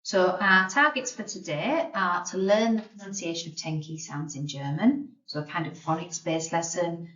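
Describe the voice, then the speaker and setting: A woman teaching a beginner language lesson over slides, explaining patiently and modelling each word slowly and clearly. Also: lowish voice, fairly bright tone. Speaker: German teacher. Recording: roomy, distant, slightly dull sound.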